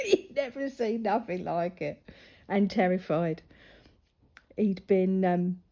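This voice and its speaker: A woman with a dark-toned, mid-range voice speaks slowly. She's a crafting vlogger and mother of a grown daughter who colours while casually rambling through a personal story, her voice often sinking to a near-whisper.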